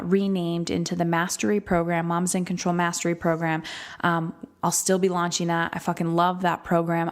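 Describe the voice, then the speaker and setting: A woman hosting a solo podcast as a coach, speaking candidly and emphatically and swearing freely. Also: on the low side.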